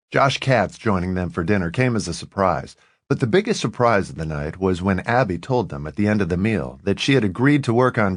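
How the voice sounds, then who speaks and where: A man narrating an audiobook in an expressive, lively reading. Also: low-pitched, no room sound, clean studio sound.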